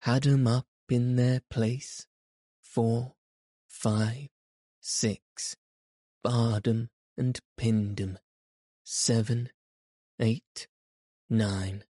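A man narrating a classic story in an expressive, measured audiobook reading. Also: mid-range voice, no echo, studio quality.

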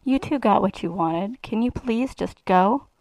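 A man's voice: high voice, unhurried, gravelly, a little mellow, dry recording, poor audio. A woman voicing a foul-mouthed captive businessman. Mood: pleading. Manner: spitting insults, later pleading.

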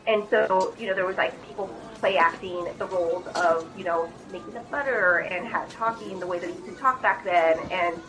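A young woman from Western Massachusetts, a podcast guest chatting casually and quickly. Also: fairly low pitch, background noise.

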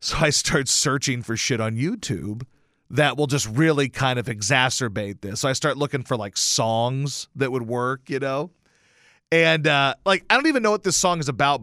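A man's voice: mid-range voice, a bit bright, no echo, studio quality. A man hosting a radio show, telling a rambling, self-deprecating story in a casual monologue, with some swearing. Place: radio station studio.

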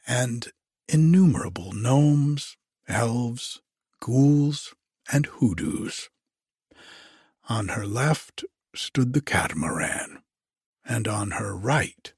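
Very slow, breathy male storyteller. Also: mid-range voice, a little mellow, dry recording, clean studio sound. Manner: slow, measured phrasing in short pieces. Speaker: narrator. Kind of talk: storybook reading.

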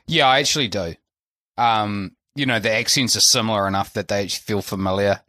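A man's voice: lowish voice, moderate pace, bright, forceful tone, dry recording, studio quality. A man with a New Zealand accent co-hosting a podcast in casual chat, laughing and rambling through restarts. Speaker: podcast co-host.

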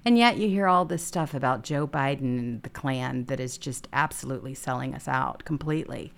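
A woman's voice: very deep voice, fairly quick, vocal fry. A woman hosting a political talk show, indignantly reading headlines and commenting. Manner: indignant, reads headlines aloud. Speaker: host.

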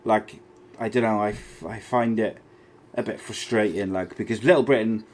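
A man's voice: fairly low pitch, steady tone, normal speed. A man co-hosting a podcast who reads out viewer comments and gives blunt, mocking opinions in casual banter. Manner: blunt, mocking, swears freely. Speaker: podcast co-host reading live chat.

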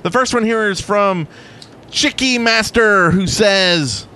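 A man's voice: high voice, takes it slowly, bright, forceful tone, slight background noise. A man hosting a podcast in casual chat, rambling, laughing often and thanking sponsors. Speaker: podcast host.

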